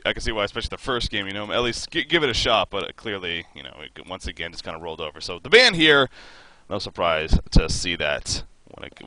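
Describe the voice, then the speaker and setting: An enthusiastic man adds rambling color commentary to an esports match over a voice call. His mid-pitched voice is bright and forceful, recorded dry with no room sound. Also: no echo, rough recording. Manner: enthusiastic, rambling, restarts phrases. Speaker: esports co-caster.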